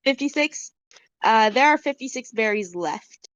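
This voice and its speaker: A woman's voice: a little high, lively intonation, a little slow, a bit bright, no echo, highs cut off. A woman narrating as game master of a tabletop game on a call, rambling with many fillers.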